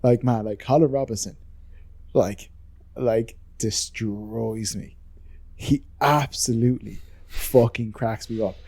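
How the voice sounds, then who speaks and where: A man with a mellow, darker tone talks eagerly in casual podcast chat. He swears freely and strings his thoughts together with fillers. The recording is dry and close to the mic. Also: medium pitch, steady tone, slow pace, no echo. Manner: enthusiastic, sweary, filler-heavy. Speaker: podcast co-host.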